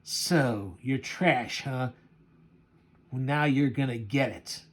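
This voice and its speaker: A man reading out the lines of a tough, vengeful cabbie hero from a comic, in a blunt, gruff way. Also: mid-range voice, takes it slowly.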